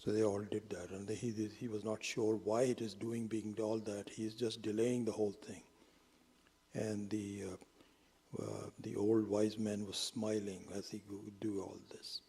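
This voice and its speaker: A man's voice: lowish voice, flat delivery, a little slow, dark tone, slightly rough, big-room sound. A man giving a storytelling lecture as a spiritual teacher, slipping into whispered asides. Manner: drops into whispered asides, acts out quotes.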